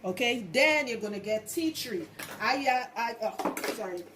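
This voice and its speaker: A woman's voice: fairly high pitch, animated, normal speed, background noise. A woman from Trinidad, a loctician, giving frank, chatty hair-care advice in a casual how-to vlog. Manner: chatty, frank, laughs often.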